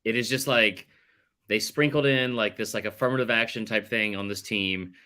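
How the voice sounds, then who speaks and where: A man's voice: lowish voice, moderate pace, sharp tone. A man hosting a casual sports podcast, ranting animatedly and swearing freely. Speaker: podcast host.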